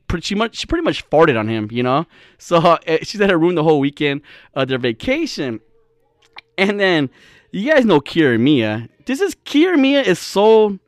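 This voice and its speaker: A man with a fairly high voice tells a crude story in a loose, animated way, swearing freely and laughing between lines. The sound is dry and close, with no room around him. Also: dry recording. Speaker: podcast host. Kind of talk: casual storytelling.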